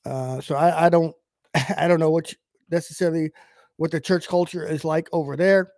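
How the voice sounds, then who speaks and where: A man's voice: a little high, steady tone, moderate pace, darkish tone, dry recording, clean studio sound. A man teaching from the Bible as a preacher on a livestream, talking casually with many fillers and restarts. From United States.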